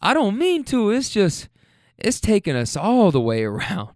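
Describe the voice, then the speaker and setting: A man voicing an elderly grandmother passenger who teases in a slow, dry drawl. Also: medium pitch, wildly swooping pitch, a little mellow, dry recording, pitched above the performer's own voice. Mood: teasing.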